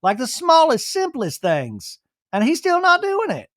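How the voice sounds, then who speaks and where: A man's voice: extremely high pitch, huge pitch swings, measured pace, no echo, clean studio sound, pitched above the performer's own voice, exaggerated voice. A man voicing an emotional young woman from a reality show, with a whiny, drawling delivery. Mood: upset.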